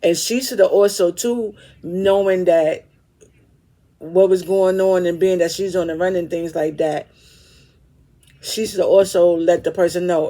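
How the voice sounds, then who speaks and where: A man's voice: high voice, fairly even intonation, unhurried, mellow. A man hosting a reaction video, giving his opinions on a story in casual commentary. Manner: opinionated, talks it through. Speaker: reaction host.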